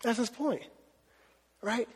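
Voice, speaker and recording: Man, pastor, sermon, conversational, asks questions, high husky voice, long reverb. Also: slow.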